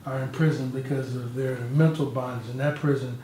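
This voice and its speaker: A man's voice: medium pitch, fairly even intonation, a little fast, mellow. A man hosting an interview, agreeing with his guest and asking questions. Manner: affirming, agreeable. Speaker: interview host. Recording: echoey room with faint background noise.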